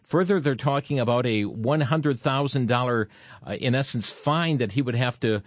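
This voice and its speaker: Male talk radio host, dry close sound, halting delivery full of fillers. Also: mid-range voice, no room sound. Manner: halting, many fillers and restarts. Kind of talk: radio talk show commentary.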